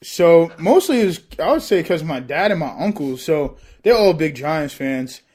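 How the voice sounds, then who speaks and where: A man as a podcast guest in casual chat, excitable and laughing often, calling the host bro. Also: on the high side, normal speed.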